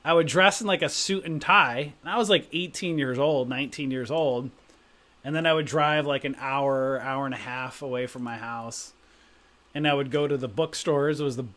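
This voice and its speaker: A man's voice: mid-range voice, moderate pace, fairly bright tone. A middle-aged man hosting a live stream, telling rambling anecdotes in casual chat and often asking "right?". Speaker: stock trading stream host.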